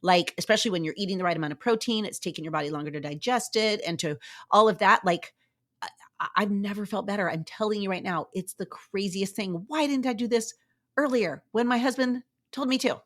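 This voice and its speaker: A woman's voice: mid-range voice, fairly quick. A woman hosting a motivational fitness podcast, talking in an upbeat, chatty, cheerleading way and laughing often. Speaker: podcast host.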